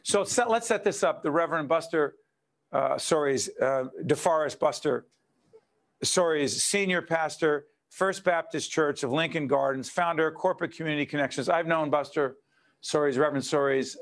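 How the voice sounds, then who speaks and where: A man's voice: on the high side, moderate pace. A man hosting a leadership talk show, bantering with energy. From New Jersey. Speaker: host.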